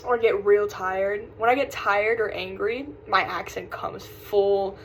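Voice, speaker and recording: In a casual vlog chat, a young Southern American woman from South Carolina rambles along in an unhurried, mid-range voice with fairly even intonation. She sighs, gets distracted and frequently forgets where she was going. There's a little hiss or hum on this rough recording.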